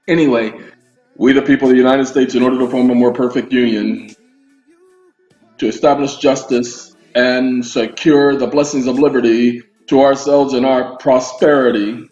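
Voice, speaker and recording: A man casually reading legal documents aloud and explaining them to his viewers, with lively asides and frequent check-ins. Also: mid-range voice, measured pace. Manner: animated, addresses listeners as y'all, breaks off into asides. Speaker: legal commentary host. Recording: roomy, dull sound with faint music.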